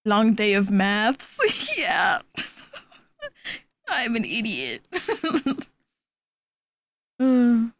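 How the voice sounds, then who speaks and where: Pitched a little high, with huge swings in pitch, a young woman speaks very slowly and pauses often while streaming her drawing from home. The dry, studio-quality recording captures her rambling, self-teasing chatter and her talking to her cat.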